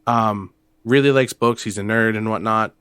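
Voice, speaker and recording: A young man co-hosting a casual podcast chat, animated and quick to laugh, retelling films with energy. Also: clear, resonant tone, no room sound, studio quality. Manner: animated, laughs often, breaks into high squeaky impressions. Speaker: podcast co-host.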